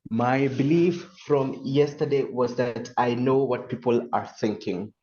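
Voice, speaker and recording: Male workshop participant, hesitant and polite, mid pitch, dull call-line sound. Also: steady tone, measured pace, warm tone, slight background noise. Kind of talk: casual reply on a call. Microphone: video call.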